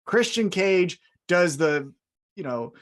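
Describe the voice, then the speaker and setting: A man co-hosting a wrestling podcast in casual chat, jokey and animated, recapping matches and acting out lines. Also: high voice, takes it slowly. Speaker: podcast co-host.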